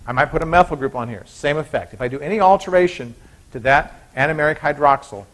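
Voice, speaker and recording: A man's voice: on the high side, expressive, quick pace, a bit bright. A man giving a university biochemistry lecture in a chatty way, often stopping to correct himself. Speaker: biochemistry professor.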